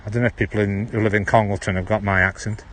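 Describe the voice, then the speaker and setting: A man's voice: on the low side, flat delivery, quick pace, fairly bright tone, a little hiss or hum. Chatty Stoke-on-Trent man in a park. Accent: Stoke-on-Trent (Potteries). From Stoke-on-Trent, England. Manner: rambling, chatty, drops H's. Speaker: livestream host. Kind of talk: casual walking livestream. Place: outdoor town park. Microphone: handheld phone.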